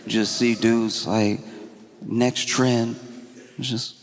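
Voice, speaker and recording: A man doing a stand-up comedy set with a deadpan, conversational delivery. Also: mid-range voice, a little hiss or hum. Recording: live club with audience and reverb. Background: audience laughter.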